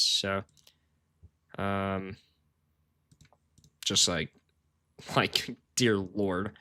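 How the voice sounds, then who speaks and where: Bright-voiced slangy male streamer. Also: on the low side, extremely slow, pauses often. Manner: rambling, slangy, talks to chat, says "bro" a lot; self-deprecating, laughs often. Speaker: sports betting streamer. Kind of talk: casual live-stream chat.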